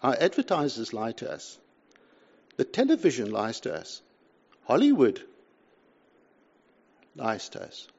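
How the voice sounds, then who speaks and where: An older man preaching a sermon, swinging between loud pleas and hushed asides. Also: medium pitch, huge pitch swings, unhurried, creaky, pauses often, breathy edge, dull audio. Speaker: pastor.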